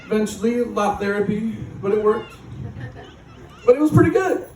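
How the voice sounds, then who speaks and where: A man's voice: high voice, lively intonation, brisk, darkish tone, recorded from a distance, some chatter behind, a little hiss or hum. A man from Michigan speaking at a recovery rally, telling his story in a joking, rambling way with frequent laughs. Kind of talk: recovery testimony talk. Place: live rally stage. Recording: echoey and off-mic.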